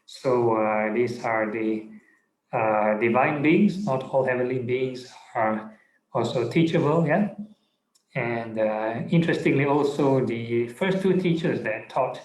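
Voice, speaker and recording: A man, a monk, giving a relaxed Buddhist Dhamma talk online, with many fillers and checking in with "yeah?". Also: medium pitch, takes it slowly, reverberant, low-quality recording. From Singapore. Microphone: online video call.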